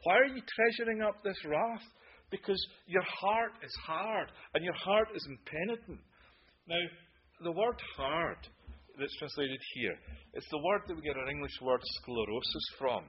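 A man preaching a sermon with emphasis, moving between loud declarations and hushed asides. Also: on the high side, normal speed, muffled recording, slight background noise.

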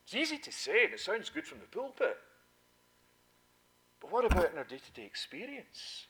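A man preaching a sermon, dropping to hushed asides and then rising to loud, emphatic proclamation, repeating key points for emphasis. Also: high-pitched, sing-song, moderate pace, pauses often, poor audio.

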